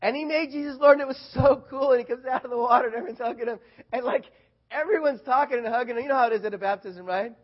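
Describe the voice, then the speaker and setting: A man preaching a casual sermon, animated, swinging from loud bursts to quiet asides. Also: very high voice, fast talker, slightly rough, dull audio.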